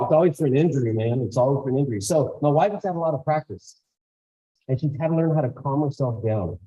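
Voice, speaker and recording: A guest speaker with a medium-pitched voice talks quickly to school staff in a school auditorium. He's an animated storyteller who acts out the voices of the people in his stories. The recording is lo-fi.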